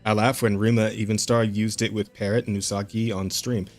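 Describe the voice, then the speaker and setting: Laughing podcast host, middle-pitched man. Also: level tone, brisk, faint music behind. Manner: laughing often, profane, rambling. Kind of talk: casual chat.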